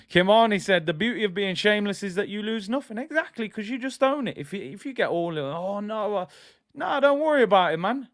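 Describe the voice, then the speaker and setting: A man hosting a live football watch-along, reacting loudly to play and reading out viewer comments. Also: no room sound, studio quality. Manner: excitable, trailing off with a low "people"; reads out chat comments between play calls.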